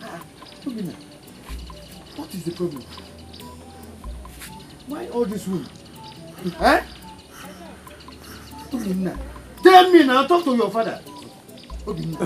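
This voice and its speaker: A man's voice: high voice, sing-song, takes it slowly, pauses often, full character voice. A man with a Nigerian accent playing a distraught father who pleads with his hurt son and keeps repeating his questions. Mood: pleading. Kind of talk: film drama acting. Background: film score music.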